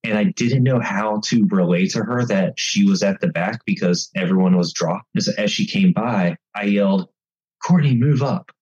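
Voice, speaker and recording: A man telling casual stories about bike racing, acting out rider chatter with lively energy. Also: low-pitched, moderate pace, few pauses, husky, muffled recording. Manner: animated, acts out race chatter. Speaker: bike racing guest commentator. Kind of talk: casual storytelling.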